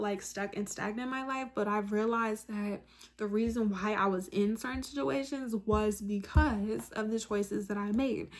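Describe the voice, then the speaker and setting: A woman talking straight to her viewers with motivational advice, earnest and direct, counting off her points one by one. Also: medium pitch. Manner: repeats phrases for emphasis, says "like" often. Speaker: self-help video host. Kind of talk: motivational monologue to camera.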